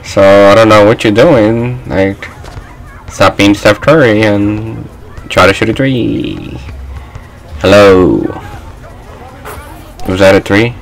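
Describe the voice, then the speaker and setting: A young man giving loose, trash-talking commentary while he plays a basketball video game, often shouting at his teammates and the game. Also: fairly low pitch, steady tone, slow, pauses often, low-quality recording. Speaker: gaming channel host. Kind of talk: live gameplay commentary.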